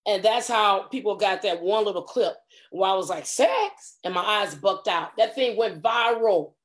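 A middle-aged woman, a comedic actress, telling stories in a casual interview and acting out quotes with lively voice jumps. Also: medium pitch, normal speed. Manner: animated, acts out quotes with big voice jumps.

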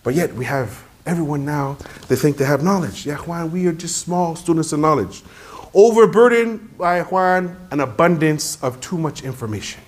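A man's voice: a little high, normal speed. A man delivering a sermon, telling stories with emphasis and dropping in Arabic phrases. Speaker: preacher.

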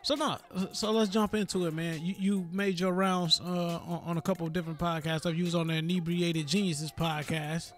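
A man's voice: a little high, steady tone, brisk, hardly any pauses, a bit bright, soft background music. Profane, joking podcast host man. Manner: loose, profane, joking banter. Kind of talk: casual chat.

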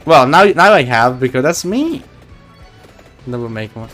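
A man's voice: mid-range voice, big pitch swings, a little slow, a bit bright, faint music behind. A man streaming a game live, chatting casually and teasing his viewers in a playful way.

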